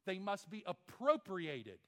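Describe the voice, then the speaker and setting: A man preaching a sermon as pastor, emphatic, with rhetorical questions and swings from loud to hushed. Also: high voice, sing-song, takes it slowly.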